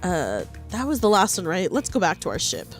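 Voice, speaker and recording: A woman's voice: on the low side, huge pitch swings, brisk, soft background music. A young woman streamer giving casual gameplay commentary, playful and giggly, reading game dialogue aloud for her chat.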